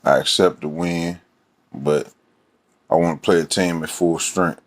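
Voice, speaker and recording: A man's voice: low voice, fairly even intonation, unhurried. A man ranting casually about his team, rambling and profane, with many fillers. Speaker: sports fan vlogger. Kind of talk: casual fan rant.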